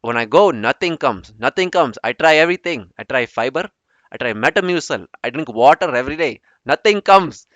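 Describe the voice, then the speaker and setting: A man putting on an Indian accent to play a loud, pleading caller on the phone. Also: on the high side, animated, fairly quick, no echo, highs cut off, pitched above the performer's own voice. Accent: Indian, put on.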